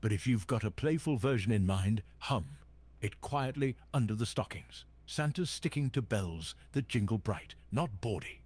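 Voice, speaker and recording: A man's voice: on the low side, animated, moderate pace, darkish tone, breathy edge. A synthetic male voice playing a jolly old Santa Claus chatbot, chatting cheerily in holiday wordplay. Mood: playful. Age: older.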